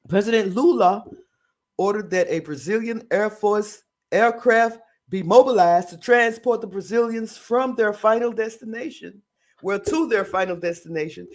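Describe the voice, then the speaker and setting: A high-pitched man hosts a casual live-stream talk show, reading headlines and then breaking off into chatty, sassy remarks. He calls his listeners girl, honey and y'all, and laughs easily between stories. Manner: reads news items then adds sassy asides, calling listeners girl and honey; chatty, laughs often, addresses the audience as y'all.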